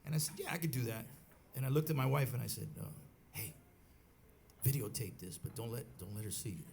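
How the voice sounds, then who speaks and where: A middle-aged bandleader telling a rambling story on stage at a live club, with many restarts and acted quotes. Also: male voice, mid-range voice, a little fast, gravelly, darkish tone. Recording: live club recording with faint crowd noise.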